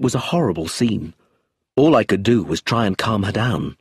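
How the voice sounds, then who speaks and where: A man's voice: fairly low pitch, animated, normal speed, slightly rough, no echo, studio quality. A man narrating an audiobook in the first person, telling the story expressively.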